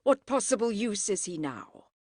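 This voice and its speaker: A woman reading a firm, proud Edwardian lady who speaks crisply and does not yield. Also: mid-range voice, big pitch swings, moderate pace, darkish tone, no echo, clean studio sound, voice pushed up. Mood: defiant. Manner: crisp and unyielding.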